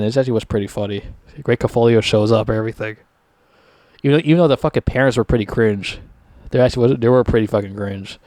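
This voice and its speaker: A man's voice: mid-range voice, quick pace, darkish tone, no echo. A man giving a casual, profanity-laced rant reviewing a TV season, his voice jumping sharply upward when he gets annoyed. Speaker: TV show reviewer.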